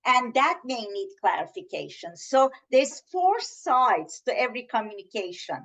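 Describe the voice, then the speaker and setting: A woman gives a webinar talk over a video call, her voice a little high and her delivery unhurried. She teaches gently and earnestly, pausing to put questions to her listeners. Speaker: webinar presenter on communication.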